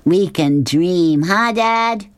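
A woman's voice: fairly low pitch, expressive, extremely slow, clean tone, no echo, pitched above the performer's own voice. A woman reading as an eager hopeful boy. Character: eager boy dreaming of a fancy car.

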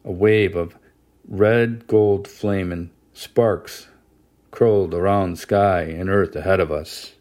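Low-voiced man narrating an audiobook. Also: fairly even intonation, takes it slowly, a little mellow. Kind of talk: scripted narration.

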